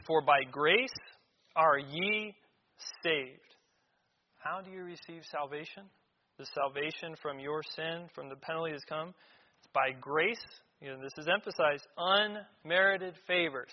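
A man with a fairly high voice preaches a sermon, reading verses and then driving points home with repeated words. His voice rings through a church hall with a long reverb. The sound is dull and lo-fi. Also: a little hiss or hum. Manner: reads scripture aloud then explains it, emphatic repetitions.

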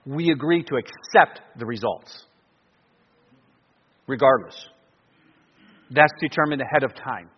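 A male pastor preaching a sermon in an animated way, full of rhetorical questions and frequent restarts. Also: medium pitch, breathy edge. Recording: dull, lo-fi recording with long reverb.

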